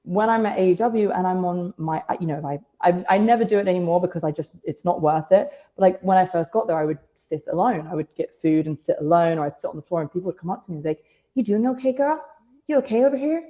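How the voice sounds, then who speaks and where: A woman's voice: on the low side, quick pace, hardly any pauses, phone-quality sound. A British woman in her twenties, a wrestler guesting on a podcast, chatting casually with dry self-mocking humour.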